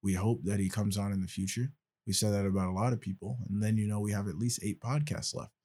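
A man's voice: on the low side, steady tone, fast, dark tone. A man hosting a podcast in casual chat, loose, joking and rambling. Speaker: podcast host.

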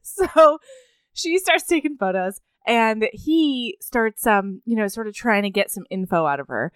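Giggly animated woman, higher voice. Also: unhurried, clean tone, dry recording, clean studio sound. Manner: giggly, animated, acts out dialogue. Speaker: podcast co-host. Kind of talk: casual chat, reading book passages aloud.

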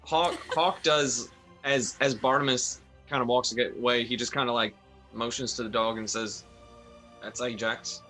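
Hesitant man narrating his move, bright tone. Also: medium pitch, fairly even intonation, normal speed, soft background music, low-quality recording. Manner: hesitant, filler-heavy. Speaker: player. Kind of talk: tabletop game narration, casual.

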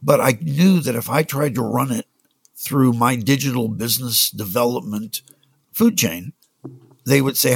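Gravelly husky man telling industry stories. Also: mid-range voice, unhurried, no room sound. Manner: anecdotal, acts out quoted dialogue. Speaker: music industry executive, guest. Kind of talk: conversational storytelling.

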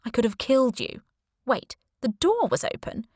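A woman's voice: on the high side, wildly swooping pitch, moderate pace, darkish tone, no room sound, studio quality, voice pushed up. Woman playing a jumpy posh London lad. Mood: flustered. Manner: flustered, rambling. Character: lanky nineteen-year-old posh London lad, jumpy, scatterbrained.

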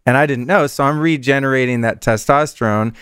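A man's voice: medium pitch, brisk, a bit bright, clear, resonant tone, dry recording, clean studio sound. A man hosting an interview, chatting candidly and sharing his own experiences. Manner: candid, shares personal stories. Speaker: podcast host. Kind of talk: casual interview talk.

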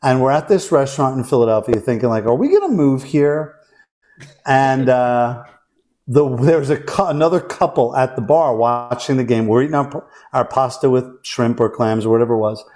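Man in his forties, podcast host, lively storyteller, middle-range voice. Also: medium pitch, brisk. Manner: animated, acts out quoted voices. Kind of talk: casual storytelling.

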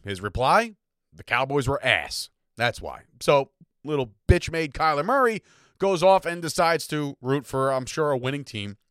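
A man's voice: fairly high pitch, very animated, normal speed, a bit bright, smooth, no room sound, studio quality. A man hosting a fan sports podcast, ranting in a fired-up, combative way and often tagging lines with "right?" and "okay?", with a slight cough. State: has a cough. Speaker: podcast host. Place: home attic room.

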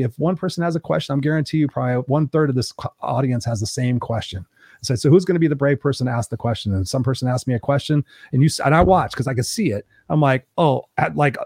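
Fast-talking brash male podcast host. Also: medium pitch, a little mellow, no room sound, clean studio sound. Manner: brash storyteller who acts out quotes and swears freely. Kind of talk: casual interview chat.

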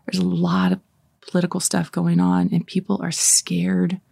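Woman, prayer leader; husky, dry and close. Slow, soft meditation reading, some lines whispered, chatty asides between. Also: fairly low pitch, flat delivery, no echo. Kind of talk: guided scripture meditation.

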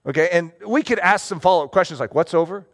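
A man preaching a sermon as pastor, conversational and animated, often checking in with his listeners. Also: high voice, fast talker.

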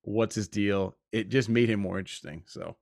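A man's voice: lowish voice, moderate pace, gravelly, a little mellow, no room sound, studio quality. A man hosting a podcast, chatting casually, rambling through stories and laughing often. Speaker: podcast host. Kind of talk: casual chat.

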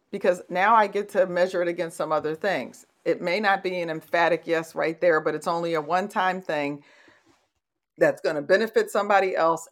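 A middle-aged woman hosting a conversational motivational talk, telling stories and laughing easily. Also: on the low side. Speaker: host.

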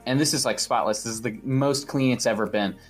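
A man's voice: medium pitch, a little fast, soft background music. Rambling man hosting a podcast. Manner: rambling, repeats words, spins absurd stories. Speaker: podcast host. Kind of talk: casual podcast banter.

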